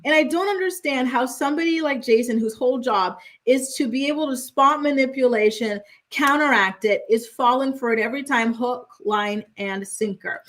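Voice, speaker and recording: A woman's voice: high-pitched, animated, normal speed. A young woman hosting a chatty, opinionated reality TV recap, with exasperated asides. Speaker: host.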